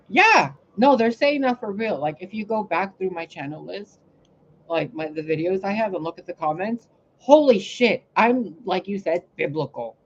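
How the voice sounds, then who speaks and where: A woman talking in a casual, rambling monologue on her channel, cursing often and swinging between loud outbursts and quiet asides. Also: lowish voice, muffled recording, slight background noise. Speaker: spiritual reader and channel host.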